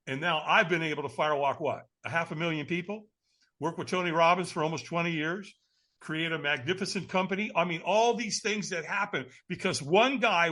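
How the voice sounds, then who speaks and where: A male guest speaker tells a story with emphatic energy and frequent laughter. His voice is high and bright. The pitch leaps around constantly. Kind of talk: animated storytelling.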